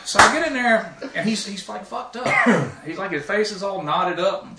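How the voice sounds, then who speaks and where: A man's voice: sits high, normal speed. A man telling profane, laughing wrestling stories in a casual chat. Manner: animated, profane, laughing storyteller. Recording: echoey room, distant mic, faint noise.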